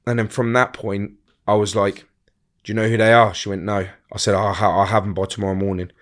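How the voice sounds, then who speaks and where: A middle-aged man telling a personal story in a blunt, halting way, often restarting his sentences and acting out other people's words. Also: on the low side, level tone. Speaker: guest.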